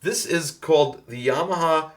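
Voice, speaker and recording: A man with an American accent hosting a podcast, chatting casually with lots of fillers and bursts of excited laughter. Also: fairly high pitch, moderate pace. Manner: animated, laughing storyteller, many fillers. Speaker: podcast host. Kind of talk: casual chat.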